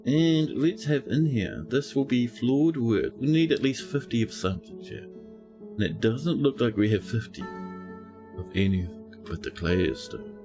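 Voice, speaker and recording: A man's voice: mid-range voice, expressive, measured pace, over music. Playful New Zealand man streaming a game. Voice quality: soothing. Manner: playful, teasing chat with mock-dramatic asides. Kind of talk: casual live-stream commentary.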